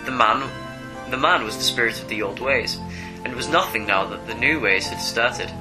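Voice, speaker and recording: A man co-hosting a comics podcast, giving a steady, plain recap of a story and then chatting. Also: mid-range voice, normal speed, over music, poor audio. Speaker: podcast co-host. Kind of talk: summarizing a comic story, then casual chat.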